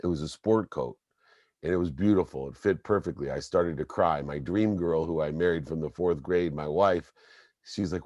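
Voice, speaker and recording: A middle-aged man, a guest on a podcast, telling personal stories in an emphatic, animated way. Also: a bass voice, moderate pace, no echo, clean studio sound. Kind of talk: storytelling interview.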